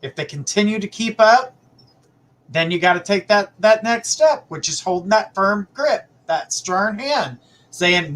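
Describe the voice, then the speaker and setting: A man's voice: high-pitched, lively intonation, measured pace, a bit bright. A man hosting a live psychic reading, giving blunt, emphatic advice with repeated phrases. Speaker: psychic reader, show host.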